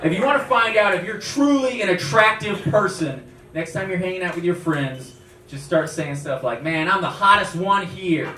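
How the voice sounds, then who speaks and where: A young adult man doing an animated stand-up comedy set in a club lounge, switching between voices as he tells his stories. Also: high-pitched. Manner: animated storytelling, quick voice switches. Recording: echoey club from far off, noisy.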